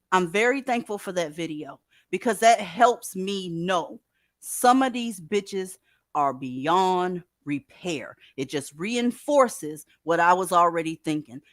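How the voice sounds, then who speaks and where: A woman's voice: fairly low pitch, dry recording, studio quality. A middle-aged woman hosting a livestream, talking bluntly and emphatically with plenty of profanity. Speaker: livestream commentary host. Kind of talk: casual commentary livestream.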